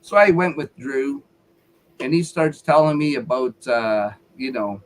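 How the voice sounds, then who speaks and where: A man's voice: mid-range voice, lively intonation, measured pace, slight background noise, poor audio. A man giving a heated, profane rant on a live stream, repeating himself as he talks. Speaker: featured speaker on a live call-in show.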